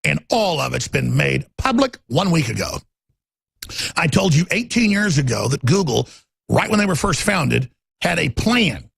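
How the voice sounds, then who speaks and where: A man hosting a talk radio show, ranting with passion and swinging between loud outbursts and low muttering. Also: big pitch swings, moderate pace, vocal fry, breathy edge, dry recording, clean studio sound.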